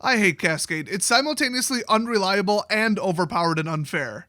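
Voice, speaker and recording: A man with a high, bright voice rants about cards with biting sarcasm and open exasperation. He swears freely and mocks what he reviews. The sound is close and dry, with no room around it. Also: expressive, brisk, no room sound. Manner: sarcastic, exasperated, profane ranting. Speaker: card game video host. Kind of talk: sarcastic card review rant.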